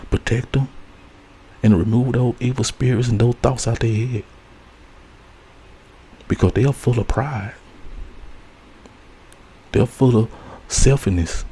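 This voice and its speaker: A man's voice: medium pitch, warm tone, breathy edge, low-quality recording. A man hosting an ASMR spiritual advice talk, speaking earnestly and repeating key phrases like a preacher. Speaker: host.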